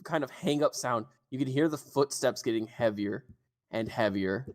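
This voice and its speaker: A man running a tabletop game as dungeon master, narrating scenes in a relaxed way with fillers. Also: medium pitch, moderate pace.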